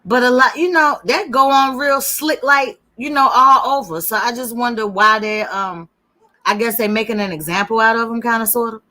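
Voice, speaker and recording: A woman's voice: a little high, moderate pace, sharp tone. A woman hosting a casual livestream, rambling and swearing freely as she answers her viewers' chat. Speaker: livestream host.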